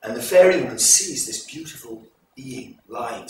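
A man presenting a folk performance, retelling the tale to a live audience in a measured, explanatory way. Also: medium pitch, noisy background. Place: live event hall. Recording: echoey hall recorded from far off.

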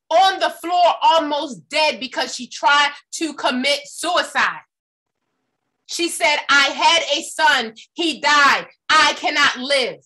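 A woman's voice: high voice, pushed and bright. A woman giving a motivational talk, emphatic and full of personal stories, often asking her audience questions. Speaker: motivational speaker.

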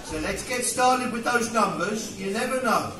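English male auctioneer, high and bright, joking patter, heard from afar in a roomy hall. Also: lively intonation, background noise. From England. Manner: joking, coaxing, rapid-fire bid calling. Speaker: charity auctioneer. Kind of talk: live fundraising auction patter. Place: event hall with an audience. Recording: echoey hall from far off.

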